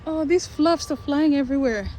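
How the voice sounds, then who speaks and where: A woman's voice: sits high, normal speed, dark tone, rough recording. A woman chatting playfully in baby talk while she walks outdoors, vlogging on a handheld camera. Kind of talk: casual vlog chat while walking with a baby. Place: outdoors by water in a city park. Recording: faint outdoor noise.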